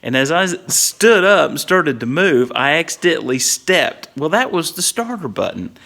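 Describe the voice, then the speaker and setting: A man's voice: on the high side, sharp tone. A middle-aged man, telling a funny story from his youth in a casual, chatty way and chuckling often as he goes. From Whitley County, Kentucky.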